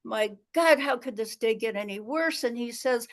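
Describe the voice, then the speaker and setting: A woman's voice: a little high, normal speed. A woman storyteller telling a comic tall tale in a dramatic, exasperated manner. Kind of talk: comic tall tale told over a video call.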